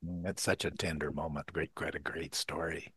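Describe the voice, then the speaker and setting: A man's voice: a bass voice, level tone, moderate pace, a bit bright, husky, dry recording, studio quality. A man hosting a podcast interview about pottery, asking thoughtful, reflective questions. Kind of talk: casual interview talk.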